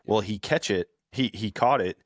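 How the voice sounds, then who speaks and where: A man's voice: lowish voice, normal speed, no echo, studio quality. A middle-aged man co-hosting a podcast, telling parenting stories in casual chat, often laughing and acting out what others said. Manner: storytelling, laughs often, acts out quotes. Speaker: podcast co-host.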